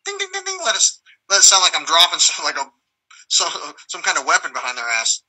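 A man's voice: a little high, huge pitch swings, fairly quick, breathy edge, rough recording. A man telling rambling, profane stories in a casual live conversation, often acting out other people's voices. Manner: acts out quoted voices loudly.

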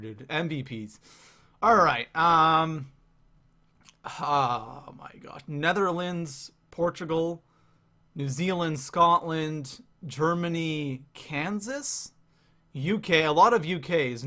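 A young man from Canada hosting a live game stream, excitedly reading the chat out loud. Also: a little high, unhurried.

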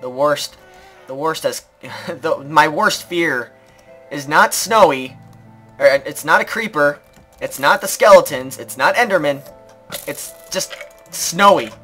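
A man giving let's play commentary, rambling to himself and the game with sudden loud outbursts. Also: on the high side, lively intonation, slow pace, faint music behind. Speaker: gaming video creator.

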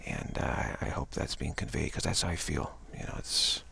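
Deep, gravelly, husky-voiced man. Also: normal speed, slight background noise. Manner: rambling, gentle, repetitive phrasing with frequent "you know". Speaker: spiritual speaker. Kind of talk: spiritual talk monologue.

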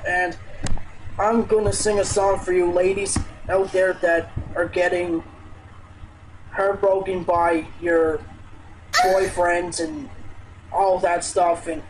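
An Eastern Canadian man rants and threatens in a profane, repetitive way, and his voice sits high for a man. The old webcam recording carries a clear hiss of noise behind him. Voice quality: odd-sounding voice. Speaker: video maker in an old clip. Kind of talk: angry threatening webcam rant. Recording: noisy old webcam clip.

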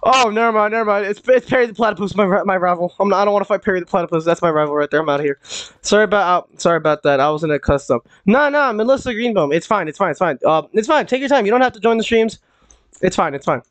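Young guy streaming minecraft, kinda high voice, rambles and repeats stuff, dry close sound. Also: animated, very fast, a bit bright, no room sound. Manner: rambling, repeats himself, many fillers and restarts. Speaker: gaming streamer. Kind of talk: casual live-stream chat while gaming.

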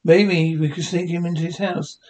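A man's voice: on the high side, fairly even intonation, normal speed, darkish tone, close to an everyday voice. A man voicing a chummy, meek cave neighbor in a cartoon voice recreation, friendly and easygoing. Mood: worried.

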